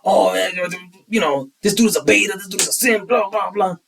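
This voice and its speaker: A man's voice: high-pitched, quick pace, creaky, a bit bright, soft background music, voice pushed up. A man mimicking a brash, mocking young influencer.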